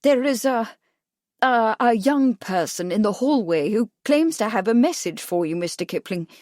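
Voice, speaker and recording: A woman's voice: a little high, animated, moderate pace, a little mellow, dry recording, clean studio sound, natural voice. A woman voicing a flustered, hesitant host in an audiobook. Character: frowning host gentleman, flustered.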